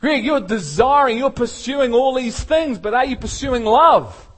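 A male preacher with a high voice delivers a sermon. He is animated and keeps slipping into the voices of the people he quotes. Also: a little slow. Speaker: pastor.

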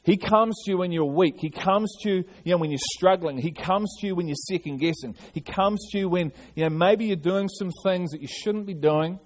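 Male pastor, fairly high voice, earnest sermon with restarts and repetition. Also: fairly quick, hardly any pauses.

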